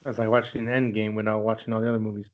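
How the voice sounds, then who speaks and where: A man's voice: on the low side, flat delivery, rapid-fire. Joking man co-hosting a chat show. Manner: loose, joking, swears freely. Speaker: podcast co-host. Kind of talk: casual chat. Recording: dull lo-fi audio.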